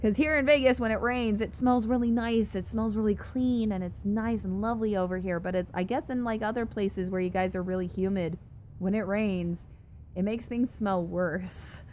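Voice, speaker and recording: A young woman on a casual live stream, chatty and giggly as she reacts to her viewers' comments. Her voice sits at an ordinary pitch, and a faint low rumble runs underneath the whole recording. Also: steady tone, moderate pace, a little mellow. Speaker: live streamer reading chat. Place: home in a dry desert city.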